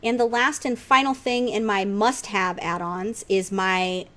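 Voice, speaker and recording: A woman co-hosting a gaming podcast in casual chat, animated and quick to swear and tease back. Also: medium pitch. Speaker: podcast co-host.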